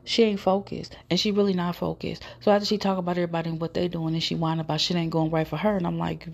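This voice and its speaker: Woman, podcast host, casual monologue, blunt and profane, dark mellow voice, gravelly. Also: on the low side, little pitch movement, fast talker, few pauses.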